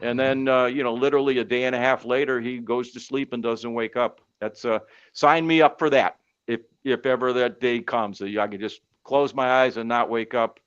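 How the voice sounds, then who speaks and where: A man's voice: medium pitch, normal speed, clear, resonant tone. Middle-aged guy telling sports stories, lots of uhs and you knows, dull lo-fi sound. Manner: animated storyteller with many fillers. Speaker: sportscaster and podcast guest. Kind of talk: casual storytelling chat.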